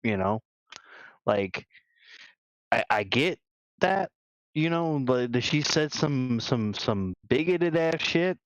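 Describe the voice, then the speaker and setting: A man's voice: medium pitch, expressive, slow pace, pauses often, dry recording. A man co-hosting a gaming podcast, talking casually in a rambling way, full of restarts and "you know.". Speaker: podcast co-host. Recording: dull lo-fi dry sound.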